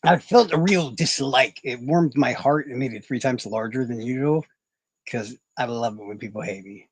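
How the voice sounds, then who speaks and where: A man's voice: medium pitch, moderate pace, breathy edge, dry recording. A man hosting a casual livestream chat, rambling and swearing freely, and mocking himself as he talks to his viewers. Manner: rambling, profane, self-mocking. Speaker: livestream host.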